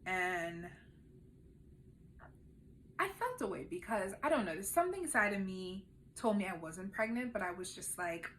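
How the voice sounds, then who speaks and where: A woman vlogger candidly telling a personal story at home, emotional and at times quiet and subdued. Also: on the low side, a little slow, pauses often, slight background noise.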